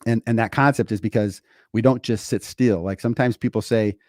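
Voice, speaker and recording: A man's voice: on the low side, brisk, a little mellow, dry recording, studio quality. A middle-aged man hosting a motivational podcast, talking conversationally and preaching with rhetorical questions and fillers. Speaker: podcast host and coach.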